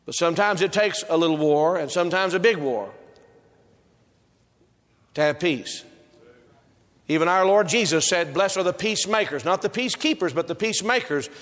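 A man's voice: fairly high pitch, fairly bright tone. A male preacher delivering a sermon with an emphatic, repetitive preaching cadence, recorded in a church sanctuary. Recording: reverberant hall.

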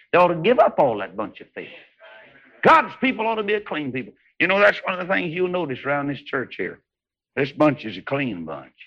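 A man preaching a revival sermon, swinging between hushed storytelling and high, shouted exclamations. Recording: dull lo-fi old sermon recording.

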